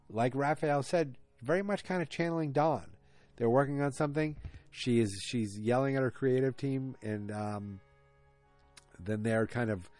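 In a dry recording, a medium-pitched man with a darkish tone recaps a podcast episode he hosts. He rambles casually, tosses in jokes and asides, and keeps interrupting himself.

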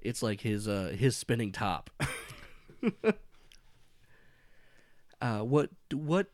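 A man's voice: on the low side, lively intonation, drawn-out words, a little mellow, no echo. A man running a tabletop horror game as game master, narrating casually with lots of fillers and frequent laughs. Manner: rambling, laughs often, many fillers.

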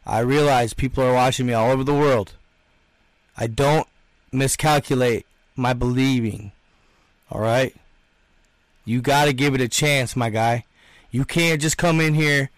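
A man's voice: mid-range voice, dry recording. A young man hosting a livestream, chatting and reading out comments in an emphatic, slangy way, repeating himself often. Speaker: livestream host.

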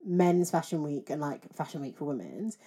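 Young woman, podcast co-host, slangy and sweary, slightly low voice. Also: normal speed, breathy edge. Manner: swears freely, animated slang. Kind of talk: casual chat.

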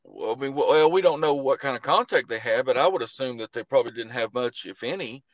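A man hosting a podcast, walking through a police report in a measured way. His voice sits in a middle range, and he thinks aloud as he talks. The sound is close and dry. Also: mid-range voice, no room sound, muffled recording. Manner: measured, thinking aloud, sums up case details. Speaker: podcast host. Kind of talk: interviewer, casual questions.

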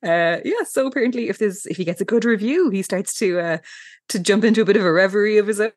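Lively laughing woman, dry close mic. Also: medium pitch, fast talker, no echo. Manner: laughs often, animated, acts out quoted lines. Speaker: podcast co-host. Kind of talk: casual recap chat.

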